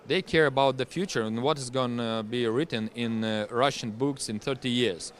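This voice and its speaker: A young man with a Ukrainian accent, a veteran guest speaking English as a second language in an interview, talking in halting phrases full of fillers and restarts. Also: mid-range voice. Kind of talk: interview testimony.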